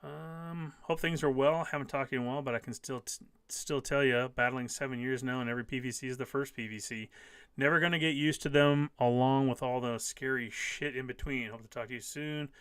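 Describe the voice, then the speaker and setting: A man's voice: mid-range voice, steady tone, brisk, a bit bright, smooth, no room sound, clean studio sound. A man in his fifties hosting a casual live stream, reading viewer comments aloud and answering them emphatically, often repeating key phrases. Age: 50s.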